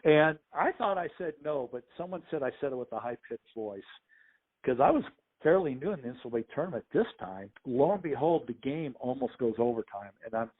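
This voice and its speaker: A man, a sports official and podcast guest, telling lively anecdotes and acting out the people in them. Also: mid-range voice, brisk. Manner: animated anecdotes with quoted voices. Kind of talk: storytelling interview. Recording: phone-like narrow audio.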